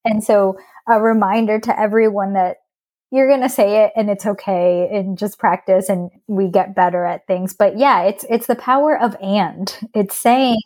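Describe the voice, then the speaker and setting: A woman in her thirties, a psychologist, explaining in an earnest, measured way and often restarting her words. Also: medium pitch, steady tone, mellow. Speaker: child psychologist guest. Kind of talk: explanatory interview talk.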